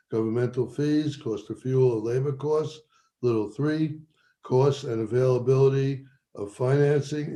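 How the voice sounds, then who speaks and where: A man with a mellow, dark voice addresses a public board as the owners' representative. He speaks in a measured, formal way and leans on key words as he reads a statute aloud. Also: medium pitch, low-quality recording. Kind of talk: formal public-meeting presentation.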